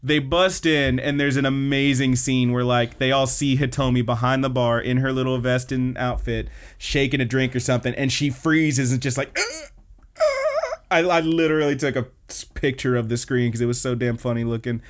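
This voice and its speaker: Young guy on an anime podcast, clear smooth voice, animated retelling, medium pitch. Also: brisk, few pauses. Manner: animated storytelling, acts out scenes. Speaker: podcast host. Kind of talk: casual anime podcast recap.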